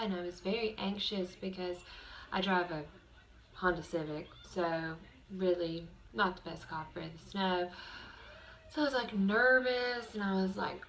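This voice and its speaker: Rambling young woman with a gravelly edge. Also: medium pitch, fairly even intonation, measured pace, slight background noise. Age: young adult. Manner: chatty, rambling, with many fillers. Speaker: vlogger. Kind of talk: casual chat to camera. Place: bedroom.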